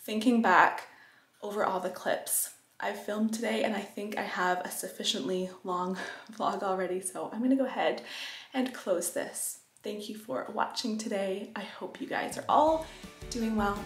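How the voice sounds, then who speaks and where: A woman's voice: medium pitch, moderate pace. A woman vlogging casually at home, chatting and explaining what she is doing as she goes. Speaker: homeschooling mom vlogger. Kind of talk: casual day-in-the-life vlog narration. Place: home kitchen. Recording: echoey room.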